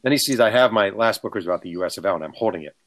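A man's voice: on the low side, racing, a little hiss or hum. A man, a book author, telling anecdotes in casual conversation and acting out the people he quotes. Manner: animated, acts out quotes. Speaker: author guest. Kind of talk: casual storytelling.

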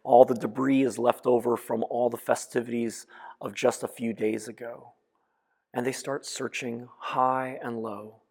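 Man preaching slow, husky voice, long reverb like a big hall. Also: mid-range voice, level tone. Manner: reflective storytelling, swings between soft and emphatic. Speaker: pastor. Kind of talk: sermon.

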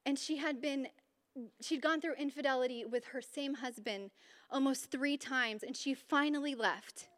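A woman giving an informal, conversational sermon at a Bible study, animated and chatty, with sudden bursts of emphasis. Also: high-pitched. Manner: informal and chatty, with fillers and restarts. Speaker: women's Bible study speaker. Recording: reverberant hall sound.

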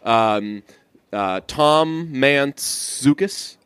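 A man's voice: medium pitch, expressive, extremely slow, fairly bright tone, clean tone, no echo. A man co-hosting a casual podcast chat, rambling with lots of restarts and casual swearing. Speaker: podcast co-host.

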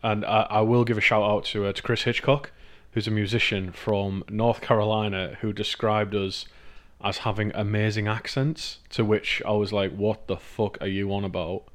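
Man, northeast English accent, lowish voice, podcast co-host, casual rambling chat, swears and laughs. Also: flat delivery, normal speed, fairly bright tone. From Northeast England.

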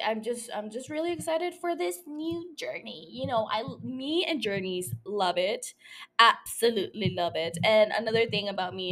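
A young woman hosting her own podcast, chatting casually in a rambling, self-mocking way, swearing often and laughing. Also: on the high side. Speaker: podcast host. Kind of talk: casual solo podcast chat.

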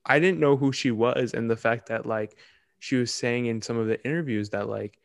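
A young man co-hosting a podcast in casual chat, talking in quick, animated bursts and laughing often. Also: mid-range voice, vocal fry, dry recording, studio quality. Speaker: podcast co-host.

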